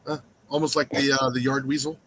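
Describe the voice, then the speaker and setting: A man's voice: mid-range voice, flat delivery, fast talker, a bit bright, slightly rough. A man joining a casual chat with short, chuckling interjections.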